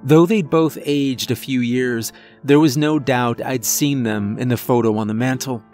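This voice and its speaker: A man narrating a first-person horror story in a deliberate, measured way. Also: mid-range voice, fairly even intonation, darkish tone, faint music behind. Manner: slow, deliberate, measured delivery.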